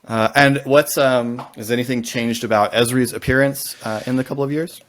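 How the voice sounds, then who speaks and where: A man's voice: medium pitch, fairly even intonation, normal speed, fairly bright tone, a little hiss or hum. A man running a tabletop game as game master, wry as he asks the players questions.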